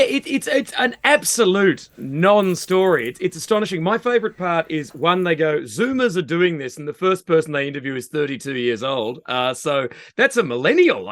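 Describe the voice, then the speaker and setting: Aussie guy on a comedy panel, kinda high voice, animated jokey rambling. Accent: Australian. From Australia. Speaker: comedian guest. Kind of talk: comic panel banter.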